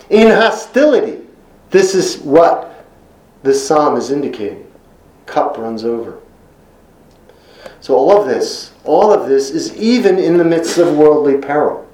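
A man preaching a sermon in an earnest, emphatic way, slowing down to stress key phrases. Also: fairly high pitch, a little mellow, roomy sound, poor audio.

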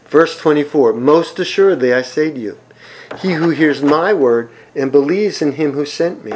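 A man preaching a sermon, reading scripture aloud and commenting on it, with emphatic swings between loud and soft. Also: on the high side, a little hiss or hum, rough recording. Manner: slow, emphatic preaching with wide swings in loudness. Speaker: pastor.

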